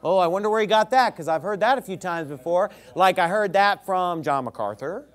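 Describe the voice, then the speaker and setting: Mocking and sarcastic, this male pastor preaches a little fast, his pitch jumping around in lively swings. Moments of quiet, careful explanation give way to sudden shouting.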